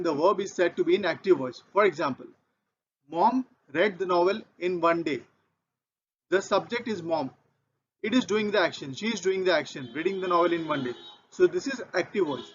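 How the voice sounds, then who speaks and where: Man, Indian English accent, grammar lesson, methodical, repeats points, fairly high voice, muffled lo-fi sound. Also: normal speed, a little hiss or hum. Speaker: English teacher. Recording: dull lo-fi audio.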